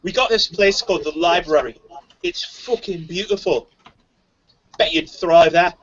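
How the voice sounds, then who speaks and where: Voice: mid-range voice, moderate pace, highs cut off, a little hiss or hum. A player in a tabletop game, playful and joking, laughing often. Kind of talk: tabletop role-play banter.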